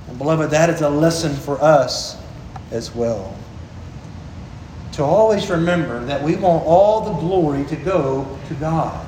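A pastor preaches with a high, earnest voice, leaning hard on his key phrases and slowing down to stress them. The room is echoey and roomy, with a faint hiss of ambience underneath. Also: expressive. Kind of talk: sermon.

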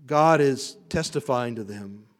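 A male pastor preaching an expository sermon, building to emphatic rising passages and then dropping low. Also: lively intonation, measured pace. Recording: reverberant hall.

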